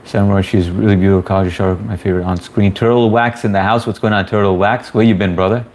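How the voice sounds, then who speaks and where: A man's voice: on the low side, fairly even intonation, fast talker, darkish tone. A man hosting a casual livestream, reading viewer comments aloud and greeting people by name in a laid-back, chummy way. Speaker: livestream host.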